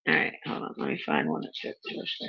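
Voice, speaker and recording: A woman's voice: a little fast, sharp tone, highs cut off. A woman hosting a casual video chat, talking bluntly, swearing freely and teasing her friend. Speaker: channel host.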